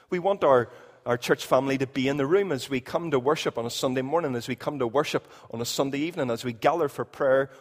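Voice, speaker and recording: A man preaching a sermon in a church, emphatic, repeating key phrases and swinging between loud and quiet. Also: on the high side, long reverb tail. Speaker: pastor.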